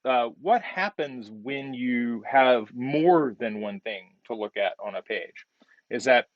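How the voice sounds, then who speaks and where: A male design instructor giving relaxed feedback on a student's project while demonstrating on screen, often repeating words as he works. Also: mid-range voice, no room sound, lo-fi sound.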